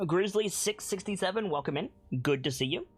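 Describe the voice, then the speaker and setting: Chatty live-stream gamer reading menus aloud, mid pitch. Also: expressive, a little slow, husky, soft background music, rough recording. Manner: chatty, reads game text aloud. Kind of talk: casual game commentary.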